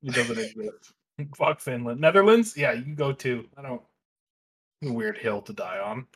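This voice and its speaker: A man co-hosting a casual chat, joking loudly, swearing and laughing a lot. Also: medium pitch, animated, normal speed, breathy edge. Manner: loud, jokey, swears, bursts of laughter.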